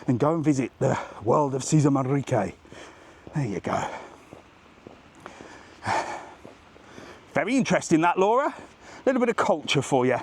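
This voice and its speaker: A man in his forties, his voice medium-pitched with a darkish tone, hosts a casual live travel vlog. He walks an outdoor seaside promenade while talking in a chatty, rambling, joking fashion.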